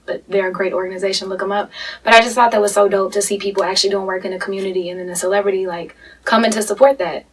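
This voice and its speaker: A Southern American woman co-hosts a relaxed podcast chat, talking loosely with plenty of "like" and "um". Her voice is a bit husky, and she sits some way back from the microphone. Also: mid-range voice, racing, far from the mic, rough recording. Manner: chatty, lots of "like" and "um". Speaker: podcast co-host. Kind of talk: casual chat.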